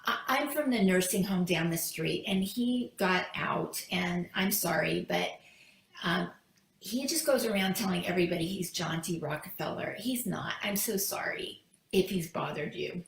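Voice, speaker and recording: A flustered nursing home worker , played by a woman storyteller apologizes over and over. Her voice has a gravelly edge. The sound bounces in an echoey room. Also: on the low side, normal speed. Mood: apologetic.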